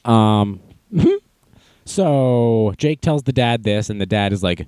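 A young man hosting a podcast, telling stories in a casual, self-mocking way and acting out quotes in a high voice. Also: sing-song, slow pace, darkish tone, smooth, no room sound. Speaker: podcast host. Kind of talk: casual storytelling monologue.

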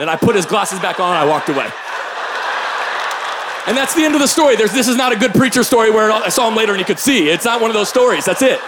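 A pastor from the Pacific Northwest preaching a sermon, telling stories with bursts of shouting. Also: male voice, high voice, noisy background. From Pacific Northwest, Tacoma, Washington. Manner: energetic storytelling, bursts of shouting. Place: large church hall. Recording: long hall reverb.

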